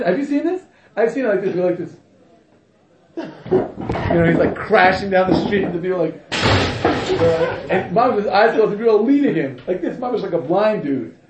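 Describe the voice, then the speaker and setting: A man teaching a class in an animated, rhetorical way, often asking "right?" and laughing, recorded in an echoey room with dull, lo-fi sound. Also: sits high. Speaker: religious teacher. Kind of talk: informal classroom lecture.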